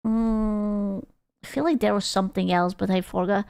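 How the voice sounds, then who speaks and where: Smooth-voiced woman chatting off the cuff. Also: medium pitch, fairly even intonation, moderate pace, darkish tone, dry recording. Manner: rambling, swears freely, playful. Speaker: streamer reacting to a video. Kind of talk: casual reaction chat.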